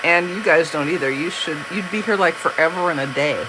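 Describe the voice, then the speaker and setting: A woman leads a live card-making demonstration, talking to her viewers in a chatty, joking way. Her voice sits on the low side. A faint hum runs behind her. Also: a little fast. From Southern US. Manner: chatty, jokey, talks to viewers. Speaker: crafting demonstrator.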